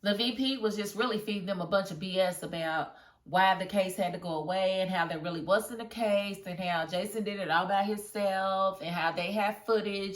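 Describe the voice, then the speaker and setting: A woman casually reviewing a TV episode, chatty and animated, often breaking into laughter as she retells scenes. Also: medium pitch, moderate pace, far from the mic. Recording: roomy echo.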